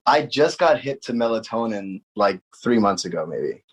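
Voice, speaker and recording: A man's voice: on the low side, normal speed, husky, poor audio. A man hosting a podcast, chatting casually and laughing as he tells stories about his young kids. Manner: laughing, relaxed storyteller. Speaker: podcast host. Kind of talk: casual chat.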